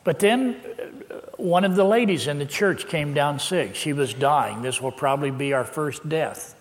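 An older man, a pastor, telling a personal story in a sermon with lively, laughing delivery. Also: a little high, moderate pace. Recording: long hall reverb.

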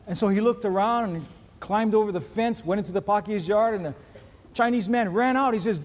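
A man's voice: sits high, a little fast. A man preaching a sermon, earnest and laying out his teaching in numbered points. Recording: reverberant hall.

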